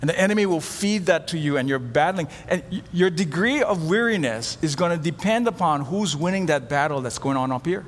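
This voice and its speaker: Animated middle-aged male pastor preaching. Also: on the high side, brisk, hardly any pauses, long reverb tail. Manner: animated storytelling, acts out quoted voices. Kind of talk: sermon.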